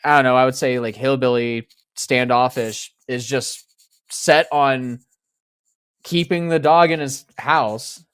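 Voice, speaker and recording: A man's voice: medium pitch, steady tone, slow pace, fairly bright tone, clear, resonant tone, dry recording, studio quality. A young man co-hosting a podcast, chatting casually about a movie and often searching for his words mid-thought. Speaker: podcast co-host. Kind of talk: casual chat.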